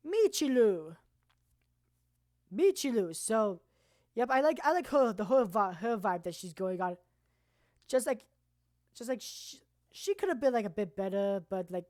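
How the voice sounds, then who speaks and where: A woman streamer presenting anime awards in casual, rambling, profane commentary that now and then bursts into loud shouting. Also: fairly high pitch, very animated, moderate pace, pauses often, no echo, clean studio sound.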